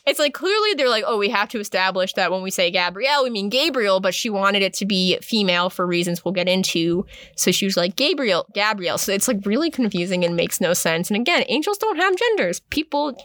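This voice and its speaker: Podcast host, young woman, bright voice, dry close sound, animated recap with character voices. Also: brisk, few pauses, no room sound. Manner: animated storytelling, acts out characters in pitched-up voices. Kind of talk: casual chat.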